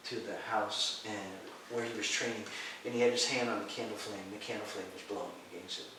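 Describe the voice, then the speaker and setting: Male mystic teacher, animated storyteller, recorded from a distance in a reverberant room. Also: brisk. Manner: animated storyteller, acting out voices in a high shout. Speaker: guest teacher of Taoist mysticism. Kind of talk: storytelling interview. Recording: echoey room, distant mic, faint hiss.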